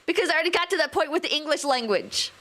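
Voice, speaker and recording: A woman's voice: high voice, rapid-fire, pushed and bright. A young adult woman streaming live, rambling casually, swearing now and then, and reading out chat messages.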